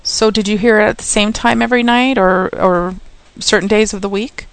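A woman's voice: medium pitch, fairly even intonation, normal speed, clear, resonant tone, no room sound, rough recording. A woman radio host interviewing a caller, giving short prompts and asking follow-up questions.

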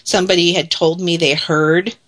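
Radio host lady w a stuffed up nose, chatty and jokey, lowish voice. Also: steady tone, fairly bright tone. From Pacific Northwest. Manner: chatty, joking, quick laughs. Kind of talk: casual radio talk.

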